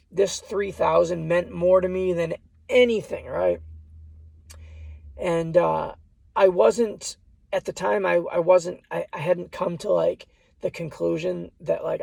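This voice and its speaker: Gravelly, husky man telling a story. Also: high voice, darkish tone, dry recording. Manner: rambling, repeats "I said" and restarts lines. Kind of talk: casual personal storytelling.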